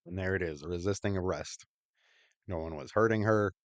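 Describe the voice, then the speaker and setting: A man's voice: low-pitched, normal speed, dry recording. A man hosting a podcast, talking bluntly and crudely in casual commentary over video clips. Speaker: podcast host.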